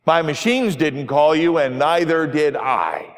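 A man's voice: fairly high pitch, a little slow, close to an everyday voice. A man putting on a bitter, dying old woman. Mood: upset, bitter. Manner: sharp, exasperated complaining. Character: frail dying older woman, bitter and frustrated. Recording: long reverb of a large hall.

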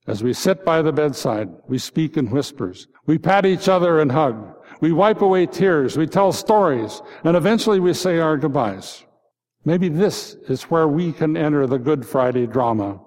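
A man's voice: on the high side, a little mellow. Reflective male pastor, reverberant sound. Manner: reflective, repeated rhetorical questions. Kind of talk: Good Friday sermon. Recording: long reverb.

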